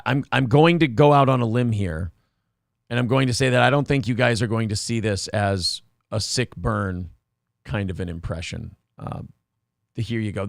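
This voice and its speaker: A man's voice: medium pitch, vocal fry, dry recording. A man hosting a morning talk show, chatting casually in a sarcastic, mocking way into a studio mic. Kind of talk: casual chat.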